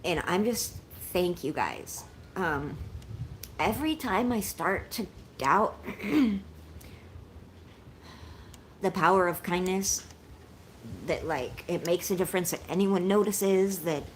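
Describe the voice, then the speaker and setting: A woman's voice: medium pitch, slow pace, long pauses, a little hiss or hum. A woman in her forties chatting casually with viewers on a livestream, shaky and unwell, talking in an emotional, rambling way and thanking them often. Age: 40s.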